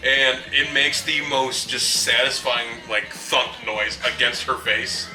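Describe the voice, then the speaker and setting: A man with a very bright, ringing voice chats casually about a film, chuckling as he retells scenes. He sits far from the mic in a roomy, echoing space, with faint music playing behind him. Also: mid-range voice, takes it slowly. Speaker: co-host movie reviewer. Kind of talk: casual movie review chat.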